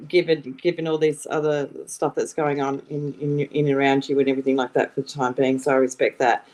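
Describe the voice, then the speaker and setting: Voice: mid-range voice, slight background noise, low-quality recording. A panel guest chatting on a livestream, politely rambling through an invitation. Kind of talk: casual livestream chat.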